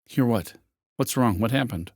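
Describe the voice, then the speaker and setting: Man doing upset young wife, high pleading questions, dry close read, audiobook. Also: normal speed, darkish tone, dry recording, lightly acted. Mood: distressed. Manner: questions in a raised, pleading pitch.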